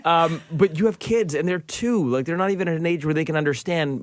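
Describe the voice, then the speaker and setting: A man co-hosting a morning radio show, chatting casually and telling stories with animated, teasing delivery. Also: on the high side, fairly quick, dry recording. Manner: animated storyteller, playful teasing. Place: radio studio.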